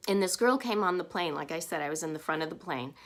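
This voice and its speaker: A woman's voice: low-pitched, expressive, fast talker, a bit bright. A woman talking to camera in a personal vlog, earnest and heartfelt, speaking openly about her feelings. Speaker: vlogger.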